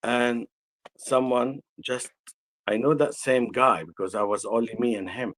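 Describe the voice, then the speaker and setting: A man with an Arabic accent, an energy healer telling a personal story in conversation, slow and halting with frequent restarts. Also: medium pitch, fairly even intonation, fairly bright tone, low-quality recording.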